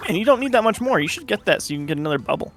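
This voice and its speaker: A man's voice: high voice, big pitch swings, racing, a bit bright. A man chatting casually as co-streamer during a video game, with teasing, joking banter over light game music. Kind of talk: casual gameplay chat.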